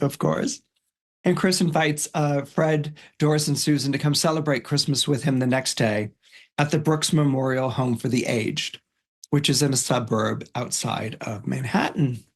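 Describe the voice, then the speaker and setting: A man's voice: fairly high pitch, slightly rough. A middle-aged man guesting on a podcast, retelling a film scene in a casual storytelling way, full of "you know" and "like". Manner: chatty, many fillers like "you know" and "like". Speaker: astrologer guest.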